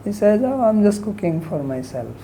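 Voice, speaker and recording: A man teaching scripture, soft-spoken, letting his voice fade at the end of phrases and lifting his pitch to act out quoted lines. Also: sing-song, normal speed, gravelly, a little hiss or hum, rough recording. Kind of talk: lecture on scripture.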